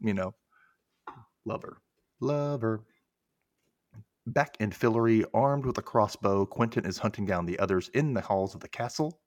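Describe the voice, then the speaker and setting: A man's voice: on the low side, moderate pace, dry recording. A man hosting a podcast, casually recapping a TV episode and acting out the characters' lines as he goes. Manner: animated storytelling, acts out quotes, laughs often.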